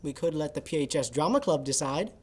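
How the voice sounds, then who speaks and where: A woman playing a lively, laid-back assistant. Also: sits low, fairly quick, slightly rough. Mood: nonchalant. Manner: offhand, nonchalant. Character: laid-back, scheming young male assistant. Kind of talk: comedy sketch acting.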